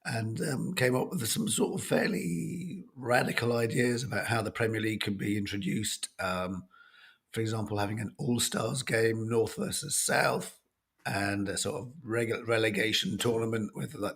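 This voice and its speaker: Man in his 50s, husky croaky voice, podcast co-host, hesitant casual chat, ums and restarts. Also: lowish voice, fairly even intonation, moderate pace, a bit bright. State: croaky from a cold.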